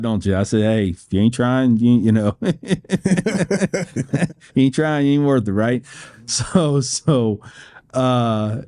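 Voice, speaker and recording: A man's voice: lowish voice, dark tone. An American man in his sixties, a podcast guest who tells his story in a rambling way, laughing often and restarting phrases. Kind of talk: storytelling interview.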